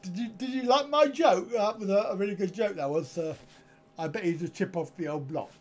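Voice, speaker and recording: A man's voice: high voice, a little fast. Chuckling man hosting a live stream. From United Kingdom. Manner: jokey, chuckling banter. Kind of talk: casual live-stream chat.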